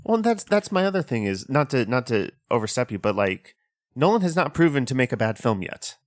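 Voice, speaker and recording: A man co-hosting a casual film podcast, making wry deadpan jokes and swearing now and then. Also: medium pitch, brisk, no echo, studio quality. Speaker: podcast co-host.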